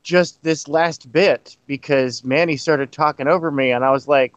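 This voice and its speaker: A man's voice: medium pitch, fairly even intonation, moderate pace, hardly any pauses, dry recording. A man on a livestream telling a self-deprecating story in a casual, laughing way. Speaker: livestream participant. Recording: dry, dull lo-fi mic.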